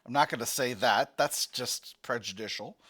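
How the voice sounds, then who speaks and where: A man's voice: medium pitch, moderate pace, fairly bright tone, breathy edge. A man reading a text adventure game aloud as its player, breaking off into rambling, self-correcting asides.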